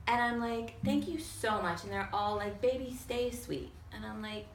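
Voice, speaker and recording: A woman telling a lively personal story to a small audience, acting out other people's voices and swearing casually. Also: medium pitch, moderate pace. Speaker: storyteller on a talk show. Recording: roomy sound from a distance with faint noise.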